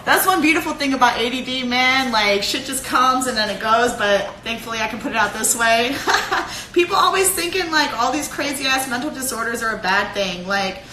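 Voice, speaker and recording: A young woman from Cleveland giving a profane, animated pep talk to followers on a live phone stream, laughing often. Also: a little high, brisk, few pauses, echoey room, slight background noise, poor audio. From Cleveland, Ohio.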